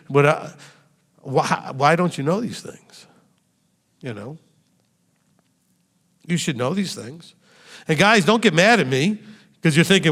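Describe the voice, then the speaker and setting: A man preaching as a rabbi, his slightly high voice leaping up and down as he fires rhetorical questions at the congregation. He speaks in a room full of listeners. The sound carries a long, echoing hall reverb. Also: measured pace, pauses often. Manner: animated, asks the congregation direct rhetorical questions. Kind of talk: sermon.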